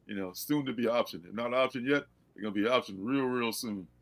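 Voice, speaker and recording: A man hosting a casual comics livestream, animated and laughing, reading blurbs aloud. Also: medium pitch, fast talker. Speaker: host.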